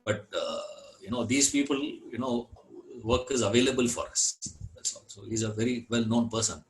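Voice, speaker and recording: Unhurried man teaching scripture. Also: mid-range voice, slight background noise, poor audio. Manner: unhurried, repeats words, many "you know" fillers; chants Sanskrit verse. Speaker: Vedanta teacher. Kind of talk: scripture class lecture.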